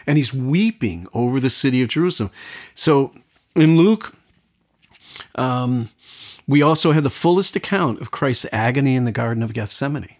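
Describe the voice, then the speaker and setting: A man, a pastor, explaining Bible passages in relaxed conversation, retelling stories and quoting lines with animated delivery. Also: mid-range voice, normal speed. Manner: animated storytelling with quoted voices, frequent restarts.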